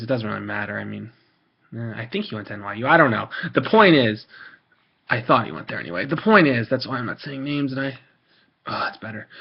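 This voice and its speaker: Rambling teenage boy, husky, lo-fi. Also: fairly low pitch. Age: teens. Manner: rambling, many filler likes and restarts, swears. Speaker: video maker. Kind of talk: rambling casual vlog rant.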